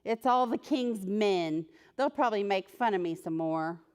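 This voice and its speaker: A woman's voice: medium pitch, lively intonation, moderate pace, clear, resonant tone, close to an everyday voice. Humpty Dumpty, glum , as a woman reads him. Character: glum, embarrassed egg hero Humpty Dumpty, male.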